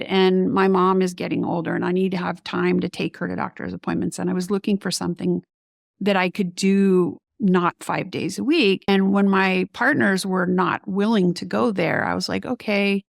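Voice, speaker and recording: A middle-aged woman tells her story in an interview, lively and animated, slipping into the voices of the people she quotes. Her voice has a gravelly, fry-tinged edge, and the recording is dry and close. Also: fairly low pitch, moderate pace, no room sound. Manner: animated, acts out quoted remarks. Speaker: guest ENT doctor.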